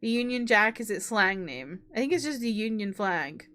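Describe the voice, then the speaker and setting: A woman's voice: medium pitch, expressive, normal speed, pushed and bright. A woman streamer giving casual let's play commentary with chatty, laughing asides.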